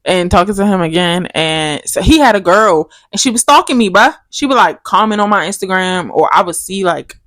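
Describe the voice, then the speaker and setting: Young woman, casual podcast co-host, low-ish voice, dry close mic, animated storyteller. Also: fairly quick, hardly any pauses, dry recording. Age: young adult. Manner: animated storytelling, acts out quotes with big pitch jumps. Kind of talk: casual chat.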